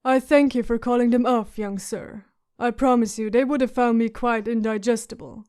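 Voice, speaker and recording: Woman voicing a sardonic dwarf lord, dry and mocking, slightly high. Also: steady tone, normal speed, a little mellow, clear, resonant tone, lightly acted. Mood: wry. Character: sardonic witty dwarf lord, grown man.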